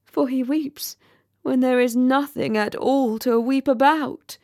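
Brief: woman voicing a sentimental firework lady, wistful and slow-spoken. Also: high-pitched, steady tone, darkish tone, dry recording, studio quality, pitched above the performer's own voice. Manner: dreamy, sighing. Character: sentimental, wistful female Catherine Wheel firework.

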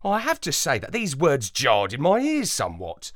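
A storyteller reading a playful storybook in the first person, in an expressive, unhurried manner. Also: mid-range voice, no room sound, studio quality. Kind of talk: storybook narration.

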